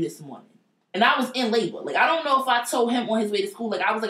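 A woman's voice: fairly high pitch, animated, fairly quick, sharp tone. A woman telling a personal story in a blunt, profane and emphatic casual way. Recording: roomy echo.

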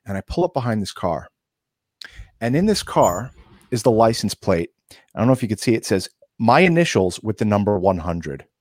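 A man in his forties tells a personal story on a video call, intense and repetitive, his voice jumping high when he gets worked up. The sound is dry and close. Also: sing-song, moderate pace, darkish tone, no echo. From Long Island, New York.

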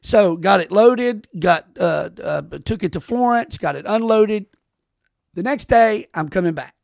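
A man's voice: high-pitched, expressive, measured pace, vocal fry, no echo, clean studio sound. A man hosting a podcast, telling rambling, profane stories with lots of restarts. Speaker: podcast host. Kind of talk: casual podcast chat.

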